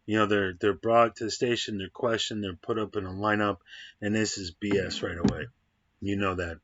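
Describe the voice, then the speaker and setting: Husky low-voiced man reviewing a film. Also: steady tone, normal speed, fairly bright tone, no echo. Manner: rambling, many ums and restarts. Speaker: movie reviewer. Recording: dull lo-fi sound, dry.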